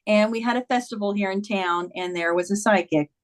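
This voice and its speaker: A woman in her fifties, a guest author, animatedly retelling a personal story in a casual interview with lively quoted voices. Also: mid-range voice, brisk.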